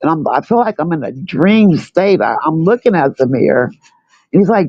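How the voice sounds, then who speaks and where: A woman's voice: deep voice, moderate pace, slightly rough, no room sound, highs cut off. An older grandmother telling her own story casually, repeating herself and acting out what people said. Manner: animated, repeats herself, acts out quotes.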